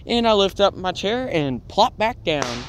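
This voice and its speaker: A man with a slightly raised pitch tells school memories like he's chatting with friends. He keeps the pace loose and tags his points with quick "right?" asides. There is a light wash of noise behind him. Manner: lively anecdotes with frequent "all right?" and "right?" tags. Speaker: storytelling channel host. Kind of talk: casual storytelling.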